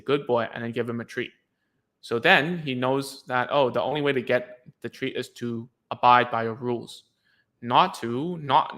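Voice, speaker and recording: Medium in pitch with a sharp tone, a chatty man hands out loose parenting advice. He is a speech therapy coach answering parents' questions in a casual advice video, rambling with lots of fillers and restarts and calling people "dude."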